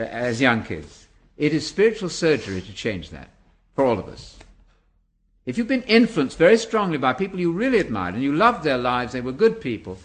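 A man in his seventies, a Bible teacher answering interview questions in an emphatic, preacher-like way. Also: mid-range voice. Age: 70s. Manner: animated, emphatic preacher-like delivery.

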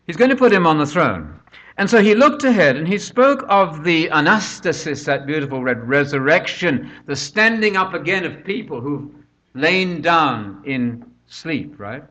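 A man's voice: a little high, very animated, normal speed, bright, forceful tone. An older man preaching a conversational sermon, full of rhetorical questions, recorded on a dull lo-fi track.

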